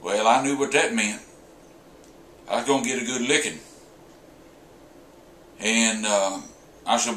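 Slow-drawling Southern man in his seventies. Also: medium pitch, fairly even intonation, fairly bright tone, roomy sound, a little hiss or hum. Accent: Southern American. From Southern United States. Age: 70s. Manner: slow, drawling, homespun, with frequent "uh" pauses. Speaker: storyteller. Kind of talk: folksy humorous storytelling.

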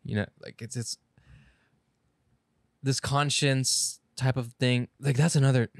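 A man's voice: medium pitch, fairly even intonation, measured pace, long pauses, dry recording, clean studio sound. A man co-hosting a podcast in casual chat, rambling through an anime plot, correcting himself and swearing casually. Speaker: podcast co-host.

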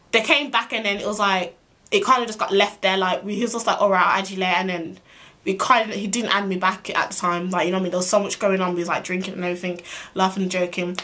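A young woman tells a personal story to the camera. She talks in a chatty, animated way at a middle pitch and swears freely, like a casual vlog storytime. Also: fast talker. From Birmingham, England. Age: young adult. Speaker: vlogger.

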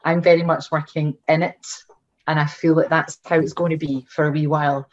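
A woman with a Glaswegian Scottish accent, a guest on a podcast chatting about language teaching and telling animated, laughing stories. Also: sits low, brisk. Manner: lively, animated storytelling with laughter. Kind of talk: casual podcast chat. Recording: dull lo-fi audio.

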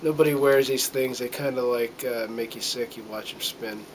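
A man's voice: mid-range voice, fairly even intonation, normal speed, noisy background. A middle-aged man from the United States talking to a handheld camera in a casual, earnest monologue, rambling with many fillers and restarts and getting a little choked up. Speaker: vlogger.

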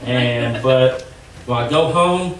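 Young male churchgoer, earnest testimony, halting with fillers, distant and echoey. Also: medium pitch, slight background noise. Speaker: church member giving testimony. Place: church sanctuary.

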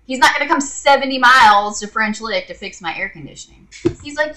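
A woman's voice: on the high side, expressive, fairly quick, sharp tone. A woman vlogger telling an exasperated, sarcastic story to her viewers in a casual rant. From Indiana.

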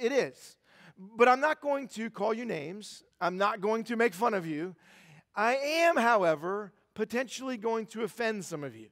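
A man's voice: high-pitched, fairly bright tone, long reverb tail. A man preaching a sermon as pastor, conversational and self-deprecating, with lots of fillers and restarts. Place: church sanctuary.

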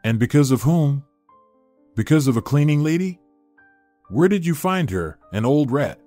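Brief: man voicing a sneering crooked business partner, lively and mocking, dry read. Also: fairly high pitch, normal speed, no echo, soft background music, lightly acted. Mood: bitter. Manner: sneering and contemptuous. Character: scheming, mocking middle-aged male business partner.

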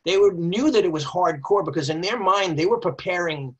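A middle-aged martial arts teacher speaks as a guest, recounting his training days with emphatic, animated energy. His voice sits a little high and carries a husky, breathy edge. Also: a little fast, muffled recording. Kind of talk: storytelling conversation.

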